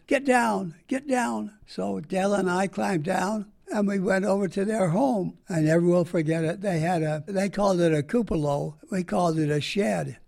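A man's voice: high-pitched, vocal fry, a little mellow. An older man, a veteran, recalling his wartime years in a folksy, plain-spoken way for an oral history interview. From United States.

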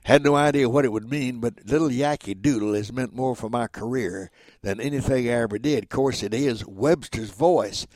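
A man's voice: mid-range voice, moderate pace, a little mellow, no room sound. Brief: elderly man, nineties, chatty and jovial, mid-range voice, dry studio sound. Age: 90s. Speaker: guest, veteran voice actor. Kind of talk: reminiscing interview.

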